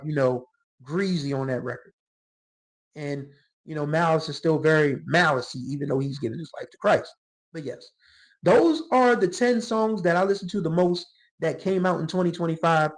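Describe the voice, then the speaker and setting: A middle-aged man with a scratchy throat hosting his own music channel, talking casually and reflectively about songs, now and then letting out a drawn-out "whew.". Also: a little high. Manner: reflective, gets emotional, drawls exclamations like "whew". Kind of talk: casual solo music commentary.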